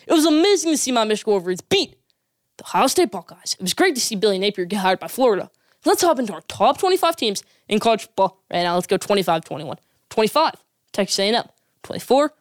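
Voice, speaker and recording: A woman delivers rapid-fire college football takes as a sports vlogger. She talks quickly, stresses her opinions hard and repeats lines for emphasis. The sound is close and dry, with no room echo. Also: fairly high pitch. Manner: emphatic, repeats points for effect.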